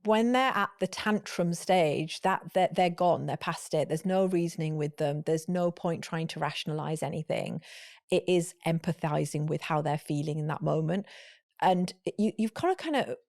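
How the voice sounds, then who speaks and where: A woman, a parenting coach explaining things calmly and with empathy on a podcast. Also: sits low, normal speed, creaky, no room sound, studio quality. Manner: calm, empathetic, explanatory with restarts. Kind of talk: advice conversation on a podcast.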